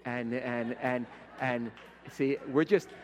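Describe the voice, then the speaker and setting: A middle-aged man from Rico, preaching a sermon as pastor and telling stories, swinging from loud to hushed and repeating words. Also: mid-range voice, fairly even intonation, takes it slowly. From Puerto Rico. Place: church sanctuary. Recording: long reverb of a church hall.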